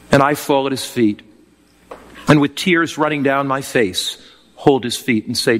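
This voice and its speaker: A man's voice: mid-range voice, unhurried, fairly bright tone. A man preaching a sermon with emotional delivery that swells and drops. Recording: long hall reverb.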